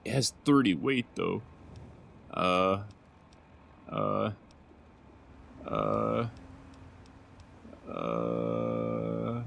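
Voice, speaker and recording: A man's voice: low voice, animated, drawn-out words, creaky, long pauses, a bit bright, slight background noise. A man giving casual gameplay commentary as a let's play host, rambling and self-deprecating, with lots of hesitant fillers.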